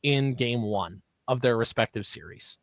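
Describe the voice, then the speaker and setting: A man's voice: medium pitch, no room sound. A man co-hosting a morning sports radio show, running a quiz game and teasing his partner as he drags out the clues. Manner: teasing quizmaster, drawls clues slowly. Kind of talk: casual sports radio banter.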